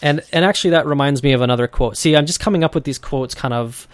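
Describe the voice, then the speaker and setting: A man's voice: on the high side, fast talker, clean tone, no echo, clean studio sound. Casual man hosting a podcast. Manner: loose and conversational, acts out quoted voices. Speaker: podcast host. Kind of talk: casual solo podcast monologue.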